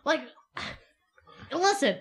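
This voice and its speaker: High, animated joking woman. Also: very slow. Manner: joking, playful banter. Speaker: podcast co-host. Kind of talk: casual chat.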